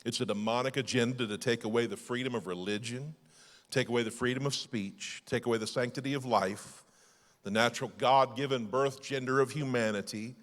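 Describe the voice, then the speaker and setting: A male lead pastor preaching a sermon emphatically, moving between loud declarations and hushed passages. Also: medium pitch, fairly quick, in a large hall. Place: church sanctuary.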